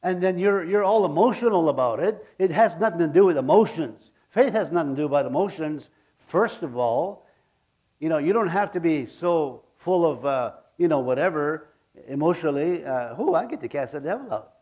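Halting, earnest preacher with a higher voice. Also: male voice, lively intonation, darkish tone. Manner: earnest, halting, often repeats words. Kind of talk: sermon.

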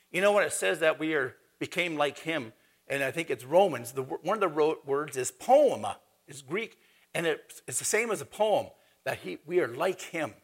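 A man preaching with a gravelly, husky edge to his voice. His delivery is conversational and animated, with lively swings in pitch. The tone is bright and forceful. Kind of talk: sermon.

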